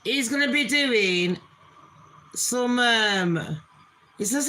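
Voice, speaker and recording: A woman's voice: mid-range voice, slow, long pauses, pushed and bright, poor audio. A woman chatting casually to her channel, swearing freely and laughing often. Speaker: channel host. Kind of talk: casual chat vlog.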